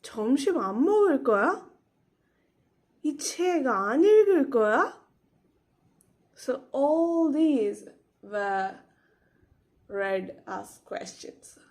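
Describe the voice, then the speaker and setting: A woman teaching a casual online language lesson, explaining slowly with fillers and modeling phrases with rising question intonation. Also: mid-range voice, darkish tone.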